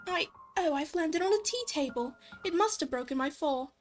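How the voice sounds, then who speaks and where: A woman's voice: sits high, lively intonation, moderate pace, faint music behind, voice pushed up. A woman voicing a curious, polite young British woman in a shaky, put-on posh accent. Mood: puzzled.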